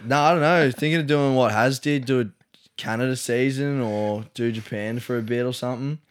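A man's voice: medium pitch, clean tone. A young Australian man in casual podcast chat, tossing in joking slang remarks. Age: young adult. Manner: quick joking interjections, slang. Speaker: podcast co-host.

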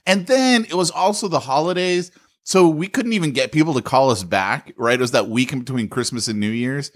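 A man's voice: medium pitch, lively intonation, brisk. A man co-hosting a podcast, telling a story about his own life in casual chat, self-mocking and often laughing. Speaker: podcast co-host.

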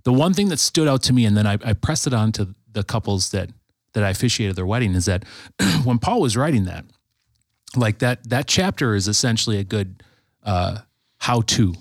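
A man's voice: on the low side, lively intonation, normal speed, dry recording, clean studio sound. A man in a casual faith discussion, speaking animatedly and searching for words. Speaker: podcast co-host, wedding officiant.

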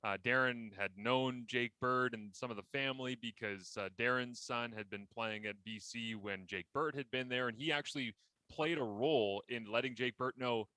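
A podcast host with a bright, forward voice. He chats casually and tells stories with lively enthusiasm. The sound is dry and close, with no room echo. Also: medium pitch, moderate pace. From Ontario, Canada. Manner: enthusiastic, animated storytelling. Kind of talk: casual interview chat.

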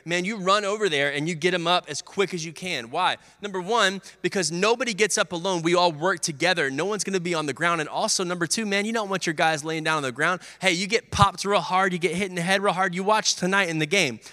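A man's voice: high-pitched, fast talker, few pauses, sharp tone. A young man preaching a sermon, telling sports stories with energy and acting out the voices of teammates and his coach. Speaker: pastor. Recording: long hall reverb.

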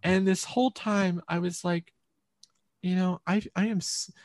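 A middle-aged woman, a podcast guest, telling a personal story in an earnest, halting way with many restarts. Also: fairly low pitch, fairly even intonation, a little mellow, no room sound.

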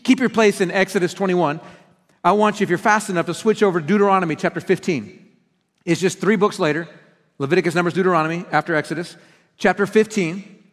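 A man preaching a sermon as pastor, earnest and teaching, with emphatic stresses. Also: high-pitched. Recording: reverberant hall.

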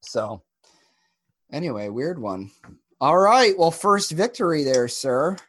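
Guy cohosting a podcast, bouncy voice, kinda high, swears a lot, quick asides. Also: big pitch swings, a bit bright. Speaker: podcast co-host. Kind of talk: casual chat.

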